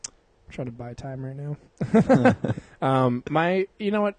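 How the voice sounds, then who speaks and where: A man's voice: mid-range voice, animated, slow, a little mellow, no echo. A young man hosting a casual podcast, rambling and swearing a lot, laughing often. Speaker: podcast host.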